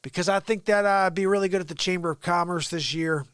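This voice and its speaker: A man voicing a sleepy old male politician who rambles slowly and mumbles while pitching discount sofas. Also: a bit bright, smooth, dry recording, clean studio sound. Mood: rambling. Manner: drowsy, slow, mumbling and rambling.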